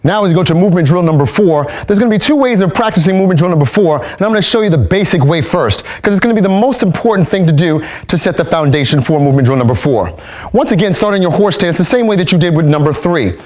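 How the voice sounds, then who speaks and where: A man instructing kung fu movement drills, explaining steps calmly and barking out counts while demonstrating. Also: sits high, fast talker.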